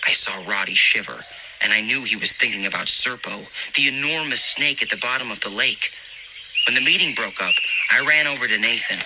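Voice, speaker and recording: A man narrating a scary story in a lively, expressive reading. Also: medium pitch, fairly quick, noisy background. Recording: narration over loud background music.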